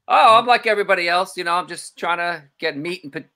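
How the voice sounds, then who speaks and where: A man in his thirties, a comedian guest on a casual podcast, telling stories with lively quoted voices. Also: high voice, quick pace. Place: home, remote call.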